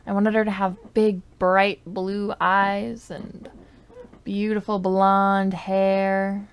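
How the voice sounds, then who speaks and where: Chatty, slightly gravelly woman gamer. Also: medium pitch, level tone, drawn-out words. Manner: rambling, chatty, full of likes and I don't knows. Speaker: gaming YouTuber. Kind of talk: casual gameplay commentary. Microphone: desk microphone.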